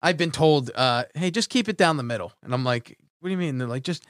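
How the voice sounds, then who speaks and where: A man's voice: fairly high pitch, expressive, fast talker, fairly bright tone, no room sound, studio quality. A man hosting a podcast, telling stories in a laid-back, casual way and swearing freely. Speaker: podcast host.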